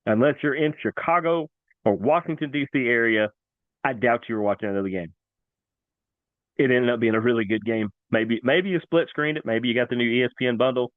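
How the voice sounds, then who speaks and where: A man hosting a casual sports talk show, excitable and animated, repeating himself for emphasis. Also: medium pitch, fairly quick, no room sound. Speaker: sports podcast host. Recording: dry, tinny phone-like sound.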